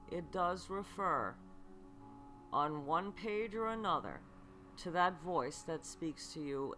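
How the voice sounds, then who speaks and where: Slow, lively-voiced spiritual podcast woman. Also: fairly low pitch. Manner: slow and earnest, often checking in with "okay"; asks the listener repeated rhetorical questions. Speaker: podcast host and psychic reader. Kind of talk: spiritual self-help monologue.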